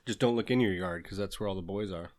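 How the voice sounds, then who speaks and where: A man's voice: low-pitched, fast talker, a little mellow. An exhausted young man co-hosting a podcast in casual chat, easygoing, swearing and stammering. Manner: laid-back, swears, stammers and laughs often. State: exhausted from little sleep. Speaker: podcast co-host.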